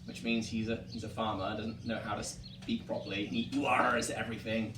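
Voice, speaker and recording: A man's voice: fairly low pitch, brisk, background noise. A man from Wiltshire with an English accent, directing a historic site and casually teaching about old dialects, explaining points and acting out examples. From Wiltshire, England. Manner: explains and demonstrates accents with lively put-on examples. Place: historic tavern room. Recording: roomy distant mic, faint ambience.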